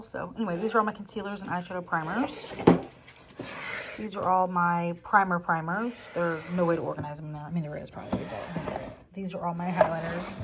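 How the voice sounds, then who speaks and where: A woman's voice: on the low side, very noisy. A young woman chatting casually through a room tour at home, interrupting herself and swearing offhand as she goes. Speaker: beauty vlogger. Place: home room being toured.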